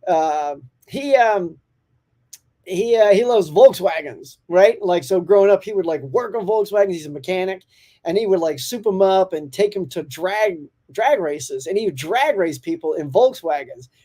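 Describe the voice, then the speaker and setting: A man hosts a relaxed morning live stream, chatting warmly and reading out viewer comments. His voice is mellow and rounded. He stays upbeat and talkative, with frequent laughter. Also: sits high, normal speed. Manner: reads out and answers viewer comments.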